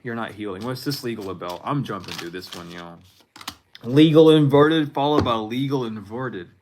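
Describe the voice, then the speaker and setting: A man's voice: lowish voice, animated, brisk, a little hiss or hum. A man in his twenties giving a casual, rambling spiritual reading to viewers, often cutting himself off and laughing at himself. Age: 20s. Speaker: tarot reader.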